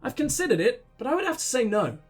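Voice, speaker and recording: A man reading the lines of a soft-spoken young widow in his own voice. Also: extremely high pitch, sing-song, fast, husky, soft background music, pitched above the performer's own voice, heavily acted. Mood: polite. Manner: plain dialogue-reading.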